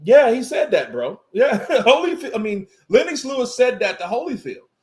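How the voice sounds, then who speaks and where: Casting man, livestream host, casual boxing chatter, animated pitch swings, quick to laugh. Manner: loose, joking, laughs often, mimics punch sounds. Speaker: live stream host.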